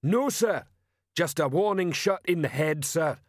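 A man doing a slow, bellowing troll sergeant. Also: on the high side, animated, no room sound, studio quality, voice pushed up. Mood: blunt. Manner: slow, bellowing, struggles with words. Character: huge slow-witted male troll sergeant. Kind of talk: audiobook character voice.

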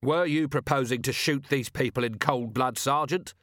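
A tired city watch commander with clipped, ironic speech, as a male narrator voices him. He speaks at a steady middle pitch. The recording is dry and close. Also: normal speed, no room sound, close to an everyday voice. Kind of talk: audiobook character voice.

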